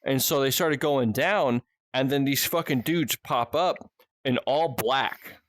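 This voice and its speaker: On a casual podcast, a man, either guest or host, tells a rambling story slowly, swearing in nearly every sentence and restarting his thoughts. His middle-pitched voice is recorded dry and close, with no room sound or echo.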